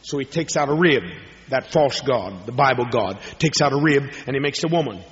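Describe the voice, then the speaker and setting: A man preaching a sermon to a hall audience, telling stories dramatically and moving from hushed tones to raised ones. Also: mid-range voice, expressive, moderate pace. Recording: dull lo-fi recording with long hall reverb.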